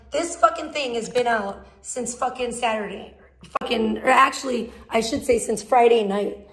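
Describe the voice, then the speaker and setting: A young woman livestreaming from her garage, rambling and swearing heavily in casual chat. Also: a little high. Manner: heavy swearing, rambling and animated. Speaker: livestream host. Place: garage at home.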